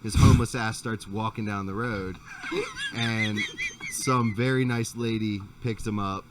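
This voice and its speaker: Low-voiced man telling a profane story. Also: steady tone, unhurried, distant mic, heavy background noise. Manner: profane, rambling anecdote with restarts. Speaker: podcast host. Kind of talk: casual chat, storytelling.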